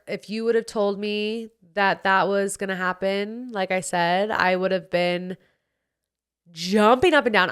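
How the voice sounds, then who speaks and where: A woman's voice: medium pitch, fairly bright tone, smooth. A young woman hosting her own podcast, chatting casually and effusively through a recap of the year, with the odd swear word. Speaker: podcast host.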